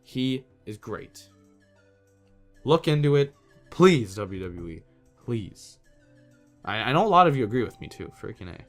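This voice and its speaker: A man's voice: medium pitch, big pitch swings, measured pace, pauses often, faint music behind. A man hosting his own podcast, ranting in an exasperated, casual, slangy way. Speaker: podcast host. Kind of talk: solo wrestling podcast rant.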